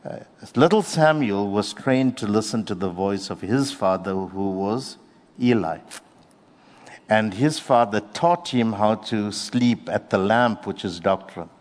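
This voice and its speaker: A lowish, darkish-toned voice delivers a sermon, earnest and unhurried, stretching out key phrases for emphasis. His speech echoes with the lingering reverb of a big hall.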